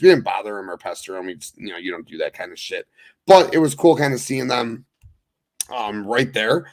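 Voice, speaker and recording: A young man hosting a sports podcast, talking loosely and excitedly, with swearing. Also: medium pitch, creaky. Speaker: podcast host. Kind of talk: casual sports talk.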